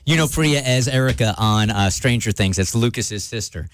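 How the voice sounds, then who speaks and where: A man's voice: medium pitch, lively intonation, moderate pace, no room sound. A middle-aged man hosting a radio show in a studio, teasing his guests in playful banter. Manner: teasing, jokey.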